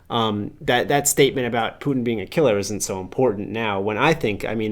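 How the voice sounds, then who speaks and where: A man co-hosting a podcast, chatting casually about politics in a joking, conversational way. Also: lowish voice. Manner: conversational, joking, many fillers. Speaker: podcast co-host.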